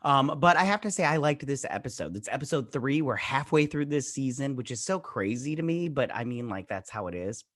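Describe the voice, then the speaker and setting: A man's voice: mid-range voice, expressive, brisk, few pauses, a bit bright, no echo, studio quality. A man giving a casual, rambling spoken review of a TV episode, full of fillers and loose retellings of scenes. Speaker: YouTube reviewer.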